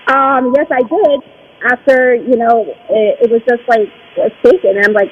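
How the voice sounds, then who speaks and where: Excited woman caller on a phone line. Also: on the high side, measured pace, slightly rough. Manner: excited, rambling retelling with quoted dialogue. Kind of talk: phone-in account.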